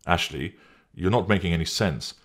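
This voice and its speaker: A man's voice: low-pitched, normal speed. A man voicing an anxious, pleading man who is desperate to hold on to his partner, in an audiobook reading. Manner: pleading, defensive.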